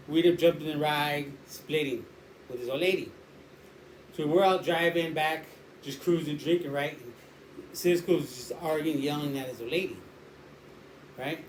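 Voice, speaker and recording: A man's voice: a little high, a little mellow. Slangy man telling a story. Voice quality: slangy, rambling, streetwise. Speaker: storyteller guest. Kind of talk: casual street storytelling. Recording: roomy echo, faint background noise.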